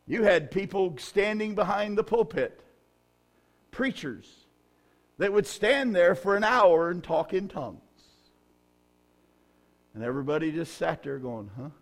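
A pastor preaches in a folksy, joking way, with his voice sitting a little on the higher side for a man. He tells his stories with plenty of humor and then rises to loud, emphatic bursts. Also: animated, unhurried, pauses often. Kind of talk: sermon.

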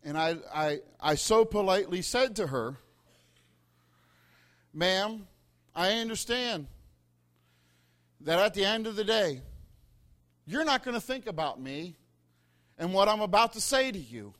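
A man's voice: high voice, expressive, unhurried, long pauses, fairly bright tone. A middle-aged man preaching a sermon, telling a funny story and building to emphatic points. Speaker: pastor.

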